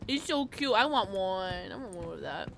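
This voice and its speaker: A young woman live-streams a game while a little tipsy, chatting with her viewers in a bubbly, excitable way. Her voice is bright and fairly high, leaping all over in pitch. A faint room hum sits behind her. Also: moderate pace, gravelly. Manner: bubbly, excitable, squeals and laughs a lot. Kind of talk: casual live-stream chat while gaming.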